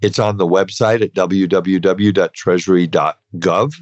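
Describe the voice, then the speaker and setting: A man's voice: low-pitched, steady tone, a little slow, darkish tone, no echo. A man hosting a podcast, explaining rules in a conversational way with frequent asides and restarts. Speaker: podcast host advising dentists on taxes. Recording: dry, slightly dull podcast audio.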